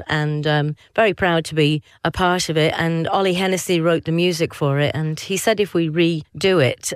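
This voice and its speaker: A woman's voice: low voice, smooth, no room sound. A woman with a Yorkshire accent, a singer chatting as a guest in an interview, laughing and wandering into asides. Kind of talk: casual interview chat.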